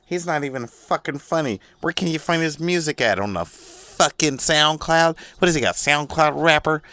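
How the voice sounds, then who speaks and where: A man's voice: a little high, lively intonation, normal speed, bright, forceful tone, voice pushed up. A man voicing a scornful, foul-mouthed online hater who mocks him. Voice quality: crude, swearing.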